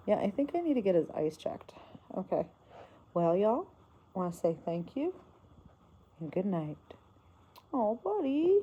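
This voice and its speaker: A woman chatting softly to her pets and viewers in doting baby talk, sometimes singing a lullaby. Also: lowish voice, big pitch swings, moderate pace, pauses often, slightly rough, muffled recording. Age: adult with a daughter. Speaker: pet vlogger. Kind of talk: casual chat to pets and viewers.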